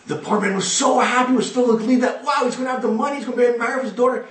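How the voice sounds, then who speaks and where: Man, children's storyteller, expressive, dramatic, echoey, far from mic. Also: very high voice, rapid-fire, hardly any pauses.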